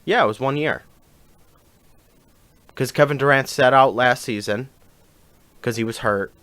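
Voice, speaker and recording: A man co-hosting a podcast, talking in an easygoing, steady way in casual chat. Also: mid-range voice, unhurried, no echo. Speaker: podcast co-host.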